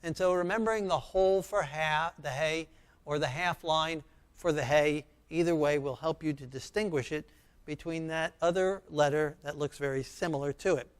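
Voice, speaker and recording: A man teaching a beginner Hebrew lesson, speaking slowly and patiently and repeating each sound and word for learners. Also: a little high, clean tone.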